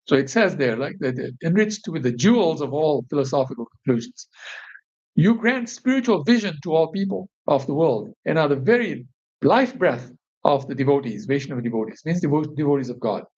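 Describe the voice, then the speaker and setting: A man's voice: a little high, lively intonation, fairly quick, darkish tone, slightly rough. A man leading a devotional group, reading verses aloud and explaining them line by line, often checking in with his listeners. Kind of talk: scripture reading with commentary. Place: bridal shop meeting space. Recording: dull lo-fi recording.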